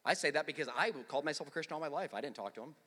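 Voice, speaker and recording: A middle-aged man preaching in a big church, his high, bright voice trailing long reverb through the hall. He tells stories in a loose, conversational way, then builds up to strong, emphatic points. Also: expressive, racing. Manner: conversational storytelling, swells to forceful emphasis. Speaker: pastor. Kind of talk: sermon. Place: large church.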